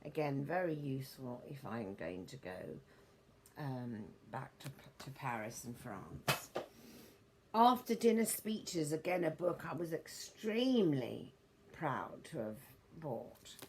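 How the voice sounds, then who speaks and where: A woman's voice: very deep voice, sing-song, slow pace, a little mellow, a little hiss or hum. A middle-aged woman rambling casually as she shows off her books, meandering and a little prim, correcting herself as she goes. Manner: meandering and prim, with self-corrections and formal turns of phrase. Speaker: vlogger showing her book collection. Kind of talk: rambling casual show-and-tell.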